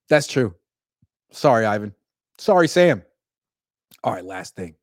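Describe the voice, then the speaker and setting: A man giving casual, jokey sports commentary with quick, animated asides. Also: medium pitch, dry recording, studio quality.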